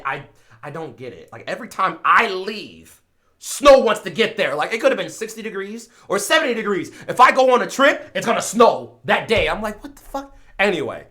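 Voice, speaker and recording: A man streamer, from Chicago, telling a casual story with lively swings between mumbled asides and loud exclaims. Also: sits high.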